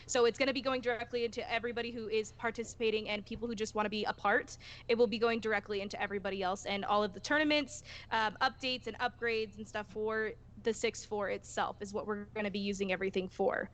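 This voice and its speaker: A woman's voice: medium pitch, fairly even intonation, fast talker, few pauses, a bit bright, slight background noise. A woman co-hosting a podcast, chatting casually and giving updates about tournaments. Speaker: podcast co-host.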